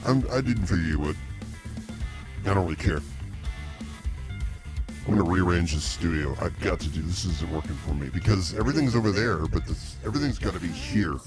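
A very low-pitched man hosting a comedy show with blunt, gruff banter. He snaps at his co-worker and sounds easily irritated. Music plays clearly behind him. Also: animated, a little fast, long pauses.

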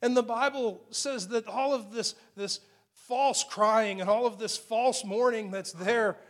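A man preaching a sermon, retelling a scripture story with emphatic repetition and dropping to a hushed near-whisper for quoted lines. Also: high-pitched, a little slow.

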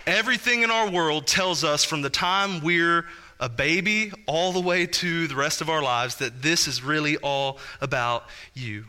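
Male pastor, thirties, high bright voice, animated conversational sermon. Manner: animated, conversational preaching with asides to the congregation.

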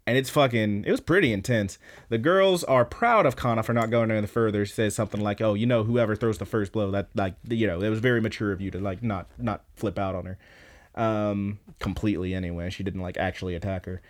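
A man co-hosting a podcast, casually recapping an episode in a profane, animated way, acting out the characters' lines. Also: on the low side, fairly quick. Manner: profane, animated retelling with quoted voices. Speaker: podcast co-host.

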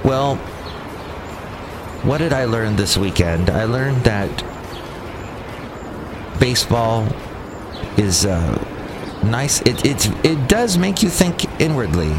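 A man hosts a casual solo podcast, talking outdoors near a cafe at a middle pitch. He rambles, doubles back on his own sentences, and keeps a dry sarcastic edge. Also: big pitch swings, takes it slowly, pauses often, background noise. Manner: sarcastic, rambling, with frequent restarts. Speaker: podcast host.

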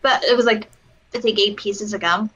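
A woman's voice: medium pitch, moderate pace, fairly bright tone, breathy edge, lo-fi sound. A woman co-hosting a casual podcast, rambling with lots of fillers as she reviews a wrestling match. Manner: rambling, giggly, full of fillers. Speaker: podcast co-host.

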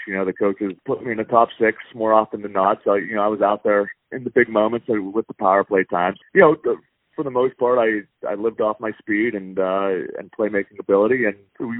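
A man in his thirties from Pennsylvania, a guest chatting casually in an interview, relaxed with many fillers and restarts. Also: fairly low pitch, fast, no room sound. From Wampum, Pennsylvania, USA. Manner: easygoing, lots of fillers and restarts. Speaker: guest, hockey player. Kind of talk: casual interview over phone. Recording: tinny phone line, dry.

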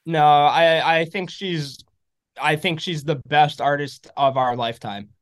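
Male podcast guest, slightly high voice, sincere and eager. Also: a little slow. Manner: earnest, enthusiastic. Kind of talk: casual chat.

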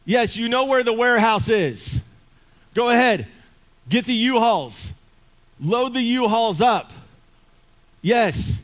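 A man voicing God as a loud, eager heavenly father giving orders to an angel in a comic sermon story. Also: very high-pitched, animated, takes it slowly, long pauses, voice pushed up, exaggerated voice.

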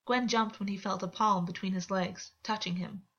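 A woman narrating a novel as an audiobook in a steady, measured reading voice. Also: mid-range voice, lo-fi sound. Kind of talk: scripted fiction narration.

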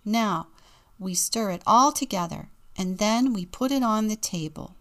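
A woman's voice: medium pitch, measured pace, a bit bright, voice pushed up, lightly acted. A woman voicing a sensible older boy who reassures his little brother in a storybook. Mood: reassuring.

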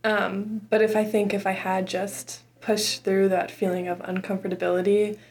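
A young woman in her twenties speaks in a casual interview. She is an earnest student podcaster, relaxed and sincere, with a middle-pitched voice and frequent likes and ums. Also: normal speed. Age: 20s.

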